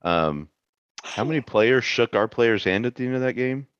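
A man's voice: mid-range voice, expressive, moderate pace, clear, resonant tone, no echo. A man co-hosting a casual sports chat, talking in a dry, sarcastic way. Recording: dull lo-fi mic.

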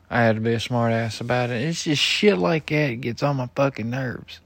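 A man's voice: mid-range voice, animated, brisk, hardly any pauses, no room sound. A young man venting in a profane personal rant, swearing heavily and griping in an exasperated way. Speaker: husband venting.

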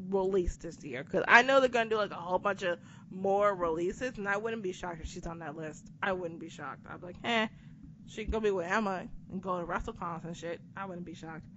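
Foul-mouthed, animated woman ranting. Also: medium pitch, moderate pace. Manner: animated, swears a lot, rants. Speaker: co-host discussing wrestling. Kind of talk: casual chat. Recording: dull lo-fi recording with faint noise.

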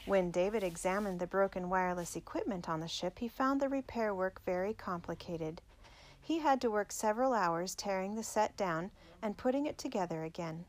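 A woman narrating a biography aloud in a measured, clear storytelling manner. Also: mid-range voice.

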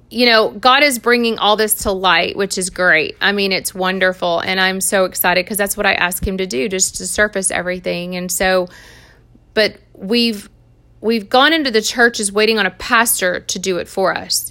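A woman's voice: medium pitch, bright, forceful tone. A woman sharing an earnest Christian testimony in a conversational way, laughing now and then. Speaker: Christian speaker giving testimony.

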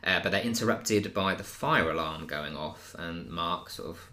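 A man, co-hosting a podcast in casual, measured chat. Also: low-pitched, bright, forceful tone. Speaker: podcast co-host.

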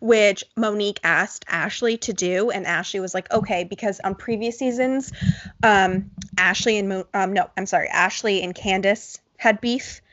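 A woman's voice: mid-range voice, normal speed, fairly bright tone, no echo, muffled recording. A woman co-hosting a casual chat, blunt, profane and opinionated. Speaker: podcast co-host.

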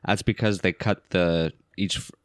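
A man's voice: low voice, fairly even intonation, measured pace, clean tone, no echo, studio quality. A man co-hosting a podcast, retelling a movie's scenes in casual chat, swearing freely and acting out bits with playful sounds. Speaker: podcast co-host.

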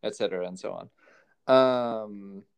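A man's voice: fairly low pitch, takes it slowly, vocal fry, clear, resonant tone. A man co-hosting a podcast in casual chat, wry and teasing, often laughing. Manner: wry, sarcastic, laughs easily. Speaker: podcast co-host.

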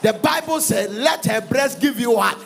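A man preaching a sermon, reading Bible verses aloud and breaking into fervent, sing-song shouts. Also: extremely high pitch, animated, moderate pace, gravelly, faint music behind.

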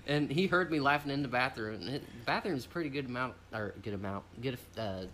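A young man co-hosting a podcast, telling a rambling story in casual chat with loud laughs and swearing. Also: mid-range voice, expressive, fast talker, a little hiss or hum. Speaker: podcast co-host.

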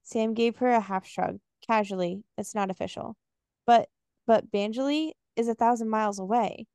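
A woman's voice: a little high, normal speed, a little mellow, clean tone, no echo, studio quality. A young woman co-hosting a podcast, recapping a novel and reading passages aloud with casual fillers. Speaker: podcast co-host.

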